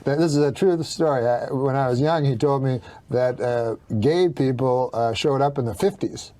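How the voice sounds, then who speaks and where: A man telling long stand-up stories in a dry, deadpan way, stalling on uh's and you-knows. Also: mid-range voice, moderate pace. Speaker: stand-up comedian. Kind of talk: deadpan talk-show storytelling.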